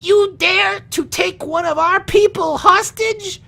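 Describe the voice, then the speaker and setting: A man voicing a middle-aged male halfling villager in a high, strained, indignant voice during a tabletop game. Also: slow, vocal fry, sharp tone, heavily acted.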